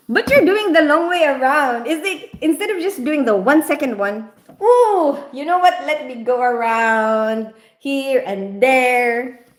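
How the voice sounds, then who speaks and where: A middle-aged woman hosting a casual live stream, reading the chat, laughing often and playfully scolding a viewer. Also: sits high. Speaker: livestream host reading chat.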